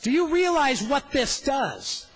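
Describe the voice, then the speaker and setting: A man imitating a loud, indignant older male lawmaker in a drawn-out, booming way during a floor speech anecdote. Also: wildly swooping pitch, full character voice.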